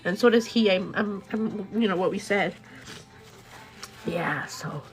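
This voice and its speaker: Over soft background music, a young woman recounts a story to her viewers in a mid-range voice, speaking a little slowly. She sounds tired and overwhelmed yet chatty and animated, laughing often and quoting both sides of an argument.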